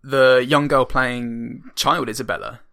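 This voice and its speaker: A man talking about a film in relaxed podcast chat. His voice is bright and gravelly. He hesitates often and restarts his sentences. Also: mid-range voice, a little slow. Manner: hesitant, many restarts and fillers. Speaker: podcast co-host. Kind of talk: casual film review chat.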